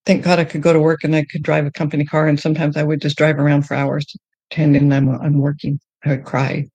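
A woman telling her faith testimony in a podcast conversation, earnest and emotional, often halting and restarting. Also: sits low, flat delivery, dark tone, breathy edge, no room sound. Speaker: guest sharing her testimony.

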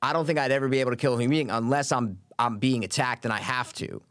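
A man's voice: mid-range voice, fast, no echo, studio quality. A man co-hosting a podcast, chatting casually and joking around with a friend, swearing freely. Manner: animated, jokey, swears freely. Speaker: podcast co-host. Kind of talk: casual chat.

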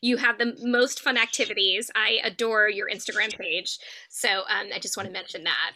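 A woman's voice: medium pitch, fairly even intonation, normal speed, sharp tone. A woman hosting a podcast interview, enthusiastic and tripping over her words now and then. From United States. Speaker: podcast host and teacher.

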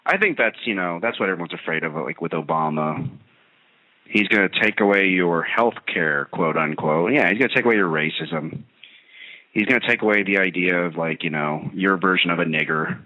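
A man's voice: low-pitched, moderate pace. Ranting man on a tinny radio line. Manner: ranting, sarcastic, animated storytelling. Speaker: radio talk show host. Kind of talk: comedic monologue.

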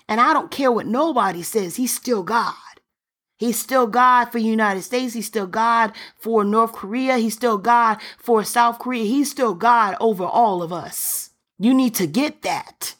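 A woman's voice: on the high side, unhurried. A woman preacher delivering a fervent sermon, reading scripture aloud and breaking in with exclamations.

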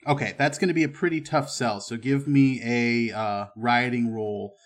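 A man running a tabletop western role-playing game as game master. He narrates and calls for rolls in a relaxed, unhurried way, often pausing with fillers. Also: mid-range voice.

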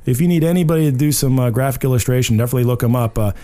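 A man's voice: mid-range voice, very fast, warm tone. A man co-hosting a podcast, telling a loose story in casual chat with plenty of fillers and restarts. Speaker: podcast co-host.

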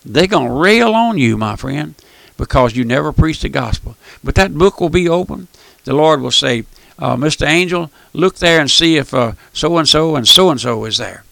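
A man's voice: fairly high pitch, normal speed, creaky, fairly bright tone, no echo. A man preaching a fervent radio sermon, often repeating phrases and calling the listener "my friend". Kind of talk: fire-and-brimstone radio sermon.

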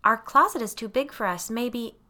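A woman's voice: a little high, moderate pace, pushed and bright, voice pushed up. A woman voicing an anxious mother in an audiobook, keeping her tone forcibly light and cheerful. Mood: coaxing. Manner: forced cheer.

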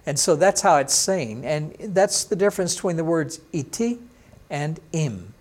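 Higher-voiced man teaching a sermon. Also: big pitch swings, darkish tone. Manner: explains slowly, spells out words, voices listener questions. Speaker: pastor.

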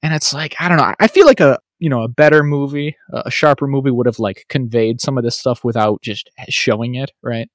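A man's voice: mid-range voice, a little fast, few pauses, no room sound, clean studio sound. A man co-hosting a podcast in casual chat, rambling and laughing as he talks. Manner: rambling, animated, laughs often. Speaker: podcast co-host.

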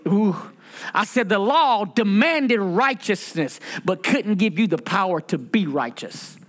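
A male pastor preaching a sermon, calling out questions to the congregation and repeating phrases, slowing down and rising in pitch to stress scripture. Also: animated, fairly bright tone. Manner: preaching with call-and-response questions and repetition; slows and rises in pitch for emphasis when reading scripture.

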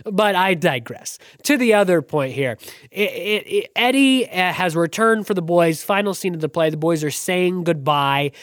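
A podcast co-host with a middle-pitched voice talks through a play in a measured, analytical way. The delivery is discursive, with wry self-aware asides. The sound is dry and close, with no room echo. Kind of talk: casual analytical chat.

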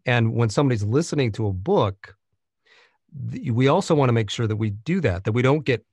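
A man's voice: mid-range voice, animated, a little fast, darkish tone, breathy edge, no echo. A man who narrates audiobooks, talking through his craft in a conversational interview, thoughtful and full of restarts and fillers.

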